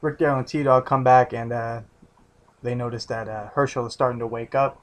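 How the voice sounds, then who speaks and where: A man talks through a TV episode in a loose, rambling way, stopping and restarting his sentences and dropping casual swears. His voice sits at an ordinary middle pitch and stays level, with little rise or fall. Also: fairly even intonation, normal speed. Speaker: TV episode reviewer.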